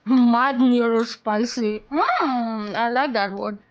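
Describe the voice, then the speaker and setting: Woman VTuber, high voice, excitable casual stream chat, squeals and mutters, home mic. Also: slow pace, lo-fi sound, a little hiss or hum.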